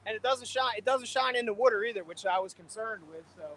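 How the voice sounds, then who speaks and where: A man's voice: sits high, fast, a bit bright, a little hiss or hum. A man with a Philadelphia accent, chatting casually on a live fishing stream from his boat, laid-back and chuckling as he greets viewers by name. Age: adult, middle-aged or older. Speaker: fishing vlogger reading live chat. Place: boat on a river at dusk, outdoors.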